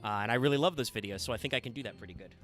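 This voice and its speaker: A man's voice: medium pitch, racing, a bit bright, soft background music. A man casually commentating a game stream, explaining at length and swearing freely. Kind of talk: casual let's-play commentary.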